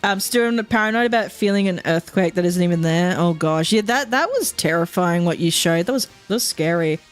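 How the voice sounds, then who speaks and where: A woman's voice: fairly low pitch, lively intonation, moderate pace, few pauses, soft background music. A woman streamer chatting casually while playing a game at home, rambling, swearing often and laughing a lot.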